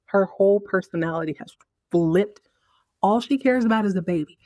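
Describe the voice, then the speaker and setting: A woman hosting a podcast, recapping a TV episode in a sassy, animated, riffing way. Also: medium pitch, moderate pace, dry recording, clean studio sound. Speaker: podcast host.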